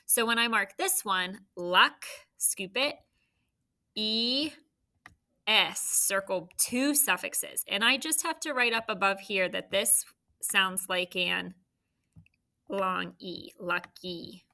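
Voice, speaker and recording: A woman teacher giving a recorded phonics lesson to third graders, leading repeat-after-me drills in a clear, encouraging way. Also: mid-range voice, slow pace, bright, forceful tone.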